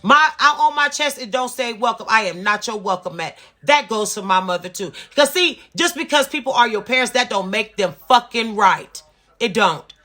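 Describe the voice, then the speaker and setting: A woman in her fifties tells a storytime rant to her viewers, swearing freely and repeating her points for emphasis. Her voice is bright and sharp, with an emphatic, insistent delivery. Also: fairly high pitch, lively intonation, normal speed. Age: 50s. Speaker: vlogger.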